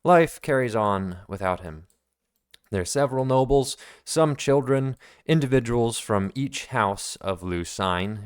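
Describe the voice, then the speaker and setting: A man's voice: fairly low pitch, smooth. A man running a tabletop game as game master, narrating the scene in a casual, rambling way with fillers, at a home desk.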